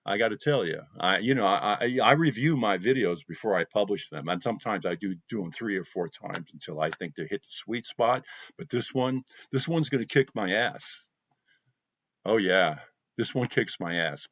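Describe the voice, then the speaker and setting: A man's voice: lowish voice, no echo. A man hosting a heartfelt spiritual talk for his viewers, speaking emotionally and with passion, and repeating phrases for emphasis. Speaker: spiritual channel host. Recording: dull dry lo-fi sound.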